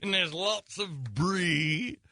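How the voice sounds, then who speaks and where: A man putting on the voice of a pompous upper-class opera snob, drawn-out and affected. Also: high-pitched, pushed and bright, no room sound, studio quality, heavily acted. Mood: haughty mock-posh.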